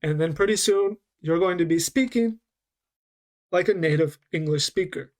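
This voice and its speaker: A man's voice: sits high, a little mellow. A man teaching an online English course, explaining patiently and checking in often with his students. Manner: patient, slows down to demonstrate, frequent "okay?" and "right?".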